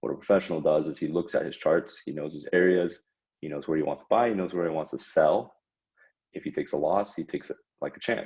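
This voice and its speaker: A man's voice: sits low, quick pace. A man giving casual instructional talk about trading, conversational, with frequent fillers and tag questions like "right?" and "okay?". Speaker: trading educator. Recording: dull lo-fi recording.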